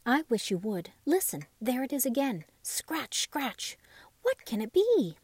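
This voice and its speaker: A woman voicing an eager, excitable male pet dog in a storybook reading, raised and excited. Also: fairly high pitch, unhurried, husky, no echo, voice pushed up, heavily acted.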